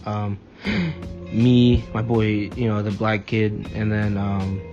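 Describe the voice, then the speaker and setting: A man's voice: on the low side, little pitch movement, slow pace. A young man telling profane, rambling anecdotes in a casual chat with a friend. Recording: dull lo-fi mic, faint music.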